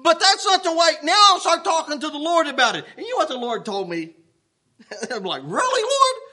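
A man preaching a sermon, telling a story in an animated, worked-up way with plenty of restarts. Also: very high voice, brisk. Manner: folksy, animated, getting worked up.

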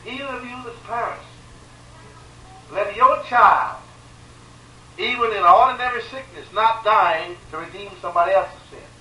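A man preaching a sermon with emphatic repetition, swinging between loud pleading and quiet, sorrowful lines. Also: high voice, moderate pace, pauses often, a little hiss or hum. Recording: echoey room from far off, faint ambience.

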